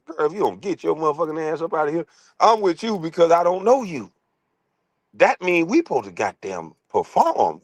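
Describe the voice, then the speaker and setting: A middle-aged man streaming a profane comic rant, crude, loud and laughing often. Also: fairly high pitch, sing-song, fairly quick, dry recording.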